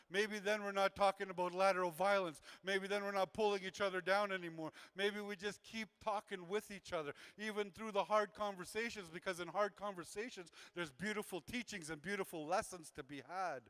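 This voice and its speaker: Brisk and with hardly any pauses, this Canadian youth worker speaks in a high, slightly bright voice that's clear and resonant, with fairly even intonation. He delivers an earnest, repetitive motivational talk to a community gathering, performing the voices of those he quotes.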